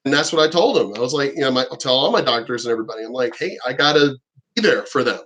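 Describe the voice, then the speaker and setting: A man's voice: medium pitch, lively intonation, very fast, fairly bright tone. A middle-aged man and military veteran talking casually to camera in a rambling, profane way, acting out what other people told him.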